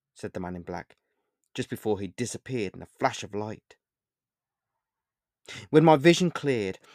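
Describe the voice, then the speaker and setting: A man reading his own short story aloud in the first person, in a measured, earnest storytelling manner. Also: mid-range voice, no echo, studio quality.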